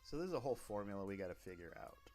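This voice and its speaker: A man's voice: fairly low pitch, big pitch swings, fast, a little mellow, soft background music. A man streaming, talking casually about running a role-play server, rambling with frequent restarts and self-corrections. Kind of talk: casual livestream talk.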